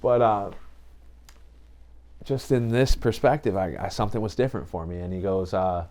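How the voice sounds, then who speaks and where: Low voiced guy on a podcast, rambly, lots of you know and right, acts out the other guys lines. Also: normal speed, darkish tone. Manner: acts out other people's lines when retelling. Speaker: podcast guest. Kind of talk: casual storytelling chat.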